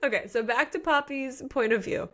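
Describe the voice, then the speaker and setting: A woman's voice: sits high, moderate pace, fairly bright tone. A woman co-hosting a book podcast, recapping the plot in a chatty, slangy, playful way. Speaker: podcast co-host. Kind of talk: casual book recap chat.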